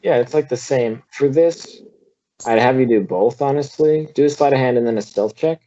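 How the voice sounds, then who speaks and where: A man's voice: medium pitch, normal speed, mellow. Man running a casual tabletop game, lo-fi. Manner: casual, hesitant with fillers. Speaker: game master.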